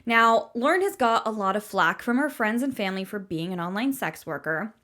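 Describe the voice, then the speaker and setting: A woman's voice: mid-range voice, lively intonation, brisk, fairly bright tone. A woman co-hosting a podcast who chimes in with agreement and jokes and often laughs along. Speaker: podcast co-host. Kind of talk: casual book-recap chat.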